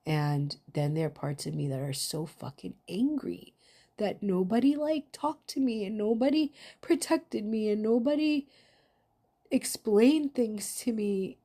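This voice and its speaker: A woman's voice: medium pitch, measured pace, dark tone. A woman in a confessional vlog monologue, talking in a raw, emotional way, full of anger and swearing. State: angry. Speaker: vlogger.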